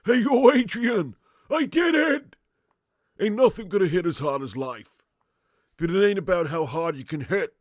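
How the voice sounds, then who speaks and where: A man doing an impression of a gravel-voiced American boxer giving a slow, shouted pep speech. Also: sits high, animated, no echo, clean studio sound, voice pushed up. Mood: fired up.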